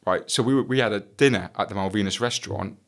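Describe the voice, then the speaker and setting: A man's voice: on the low side, quick pace, a bit bright. A middle-aged man, a former police detective, telling a story on a podcast in a blunt way, swearing freely and acting out the dialogue.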